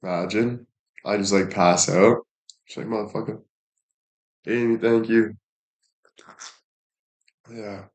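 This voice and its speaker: A man's voice: on the low side, steady tone, takes it slowly, pauses often. A young man chatting casually on a live stream, thanking viewers and joking crudely with plenty of swearing. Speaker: livestreamer.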